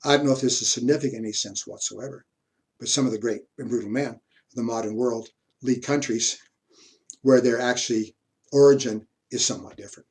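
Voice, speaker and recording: A man giving a university history lecture, unhurried, pausing mid-sentence and adding asides. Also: medium pitch, fairly even intonation, darkish tone.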